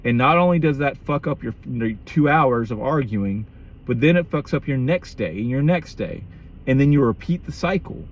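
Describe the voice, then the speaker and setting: A man's voice: mid-range voice, expressive, normal speed, highs cut off. A man in his thirties speaking candidly about marriage in a reflective monologue, blunt and profane, often restarting his sentences.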